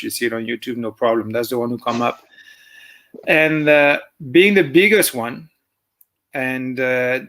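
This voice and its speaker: A man's voice: medium pitch, fairly bright tone. French man, ex-racer guest; casual, hesitant delivery with a French accent. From France. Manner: halting, many fillers and restarts, laughs easily. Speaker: former motocross champion guest. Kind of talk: casual interview over a call.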